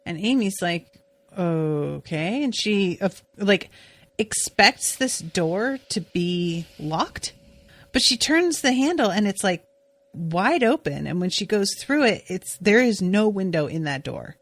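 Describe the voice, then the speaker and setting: Woman podcast co-host, unhurried casual recap, chatty with lots of fillers, close dry mic. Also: medium pitch, animated, no echo. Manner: chatty, swears, many "like" fillers. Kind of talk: casual episode recap chat.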